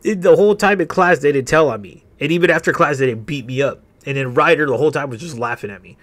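A man's voice: a little high, quick pace, a bit bright. A young man casually telling a rambling, profane story while playing a life-sim game, laughing between sentences. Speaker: gaming channel host. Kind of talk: casual storytelling over gameplay.

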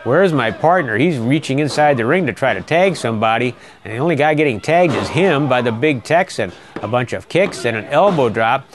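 A middle-aged man giving folksy, excitable play-by-play commentary on a wrestling match. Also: medium pitch, brisk, hardly any pauses, slight background noise.

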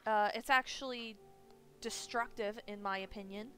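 A woman's voice: mid-range voice, steady tone, normal speed, a bit bright, clean tone, faint music behind. A woman streaming a game, chatting casually and rambling with lots of fillers and restarts as she shares strong opinions. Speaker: streamer playing a horror game. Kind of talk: casual gaming commentary.

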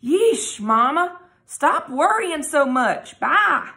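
A woman's voice: high voice, big pitch swings, very slow, vocal fry, pushed and bright, voice pushed up, exaggerated voice. A woman reading aloud, voicing a stern but playful father who talks firmly and gets exasperated. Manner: firm, exasperated.

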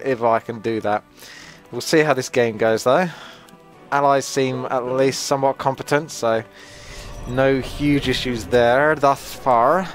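A man with a mid-pitched, everyday voice talks through his strategy game in a loose, chatty way, cracking self-deprecating jokes as he goes. Soft music plays faintly underneath. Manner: chatty, joking, self-deprecating, thinking aloud. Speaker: gaming channel host. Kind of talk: casual live game commentary.

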